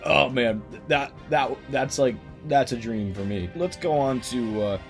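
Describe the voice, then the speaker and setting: A man's voice: medium pitch, measured pace, soft background music. Rambling man ranting for laughs. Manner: rambling, with sudden loud outbursts. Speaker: video host. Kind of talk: casual comedic rant.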